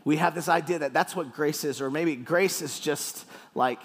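Guy pastor giving a sermon, lively jokey storytelling, slightly high voice, big echoey hall. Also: normal speed. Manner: animated storytelling, playful and joking.

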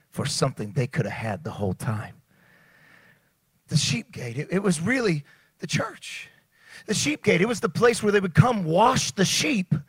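High-voiced animated man preaching. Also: husky, no echo. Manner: animated, building to shouts; stammering restarts. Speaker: pastor. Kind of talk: sermon.

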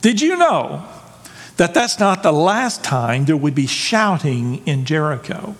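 Animated preaching man in reverberant hall. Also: fairly high pitch, slow pace. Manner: animated, emphatic preaching with rhetorical questions. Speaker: pastor. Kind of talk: sermon. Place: church sanctuary.

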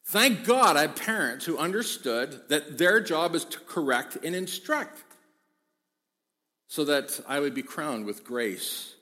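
A man preaching a sermon, moving from easy conversational talk to loud, emphatic exhortation. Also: on the high side, expressive, measured pace. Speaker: pastor. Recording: echoey hall with long reverb.

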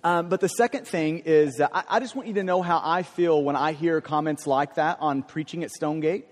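A man's voice: on the high side, a little fast. A middle-aged man, a pastor, speaking earnestly and informally to his congregation, with stammered restarts. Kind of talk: church service sharing time. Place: church sanctuary. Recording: long hall reverb.

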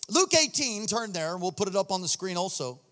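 A man preaching a sermon with fervent passion, a sing-song cadence and swings from loud to hushed. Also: sits high, lively intonation, fairly quick. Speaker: pastor. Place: church sanctuary. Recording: long reverb of a large hall.

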